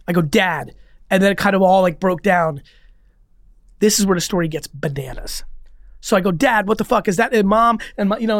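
A man as a podcast guest, telling a personal story in a casual, rambling, animated way with free swearing. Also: high voice, dry recording, studio quality.

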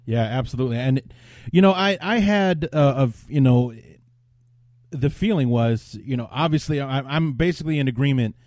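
A man's voice: mid-range voice, moderate pace, a little mellow, no room sound, studio quality. A man hosting a podcast, thinking aloud and giving blunt, opinionated takes. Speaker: podcast host. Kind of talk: casual podcast chat.

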